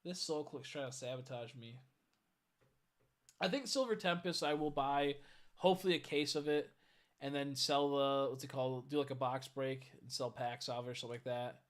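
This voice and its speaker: A tired man with a medium-pitched voice talks at a normal speed while chatting casually on a live stream. He rambles and swears as he greets viewers, stumbling over the names in the chat.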